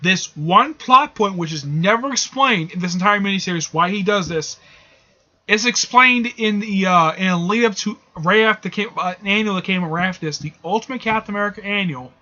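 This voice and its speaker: High, bright-voiced man rambling about comics. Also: fairly quick. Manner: rambling, with many fillers and restarts. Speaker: comic book reviewer. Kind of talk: casual comic book review. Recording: dull lo-fi audio.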